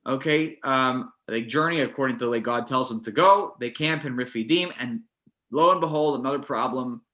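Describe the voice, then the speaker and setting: A man teaching a text study class, animated, with many restarts, acting out the verses. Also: mid-range voice, moderate pace.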